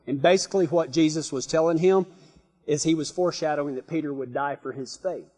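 High-voiced folksy preacher. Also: male voice, moderate pace. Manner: folksy storytelling, animated. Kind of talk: sermon. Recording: long reverb.

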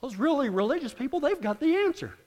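A man's voice: very high-pitched, sing-song, fast talker, long reverb tail. A man preaching a sermon, animatedly acting out both sides of an argument as he tells the story.

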